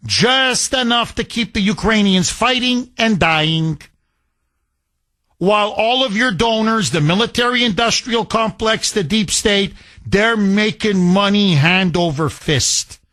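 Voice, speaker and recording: A man's voice: sits high, unhurried, sharp tone. A man hosting a talk radio show, delivering a combative, sarcastic monologue full of rhetorical questions.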